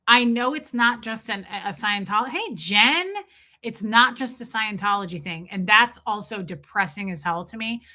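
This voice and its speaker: A woman's voice: medium pitch, normal speed, sharp tone. A woman with a Northern US accent chatting casually as a podcast host, rambling and restarting her sentences. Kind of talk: casual chat.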